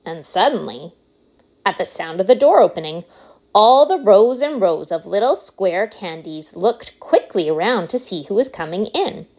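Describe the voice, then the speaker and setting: A woman reading a children's book aloud as narrator, in an unhurried, expressive storytelling way. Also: mid-range voice.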